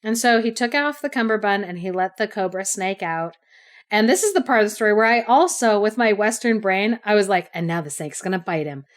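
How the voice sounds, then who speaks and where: A woman's voice: medium pitch, expressive, a little fast. A woman podcast host casually retelling a fairy tale, with playful asides.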